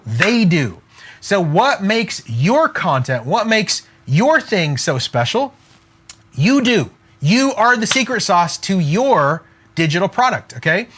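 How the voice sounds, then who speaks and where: A middle-aged man coaching online entrepreneurs in an energetic, emphatic talk, peppered with "like" and "okay?". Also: high-pitched. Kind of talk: motivational direct-to-camera talk.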